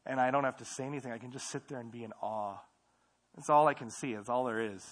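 A young man preaching a casual, conversational sermon in a church service, repeating phrases and moving between quiet asides and louder emphasis. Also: mid-range voice, steady tone, a little fast. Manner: conversational, repeats himself, swings between soft and loud. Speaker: pastor.

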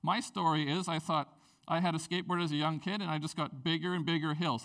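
A man preaching a sermon, telling personal stories in a conversational, animated way with big swings in pitch and volume. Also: fast. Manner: conversational storytelling with lively swings in pitch and loudness. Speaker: pastor.

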